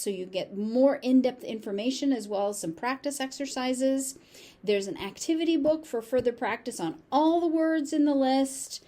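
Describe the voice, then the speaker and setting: Woman, General American accent, pronunciation tutor, very slow and careful, repeats each word. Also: fairly high pitch, mellow.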